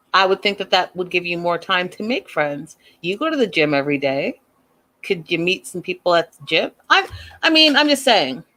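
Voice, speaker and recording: Female host, mid-pitched, casual and opinionated, asks lots of rhetorical questions. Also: bright, forceful tone. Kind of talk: casual reality TV recap.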